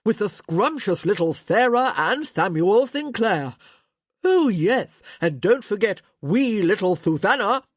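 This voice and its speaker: A woman's voice: medium pitch, sing-song, a little slow, dry recording, clean studio sound. A woman voicing a flippant young man teasing his sister in an audiobook. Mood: gleeful. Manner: teasing and flip.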